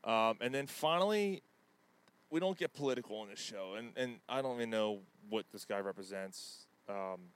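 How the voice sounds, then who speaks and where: Profane laid-back sports podcast host. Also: male voice, lowish voice, lively intonation, normal speed, clear, resonant tone. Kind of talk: casual sports chat.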